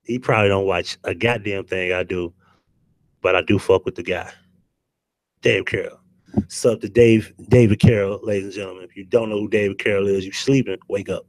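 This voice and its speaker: A man's voice: lowish voice, fairly even intonation, fairly quick, no room sound. A man hosting a casual livestream who curses freely, jokes, and greets chatters by name. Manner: profane, joking banter, greets chatters. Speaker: livestream host.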